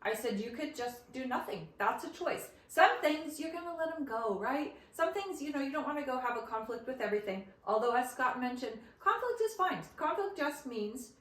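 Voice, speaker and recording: Woman, co-host, expressive storytelling, bright higher voice, roomy echo. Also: normal speed, few pauses. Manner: expressive, retells conversations in quotes. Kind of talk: casual conversational storytelling. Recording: echoey room.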